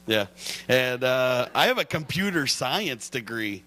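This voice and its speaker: A young man from Michigan doing a stand-up comedy set in a club, hyper, loud and crude, laughing at his own jokes. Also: mid-range voice, big pitch swings, measured pace.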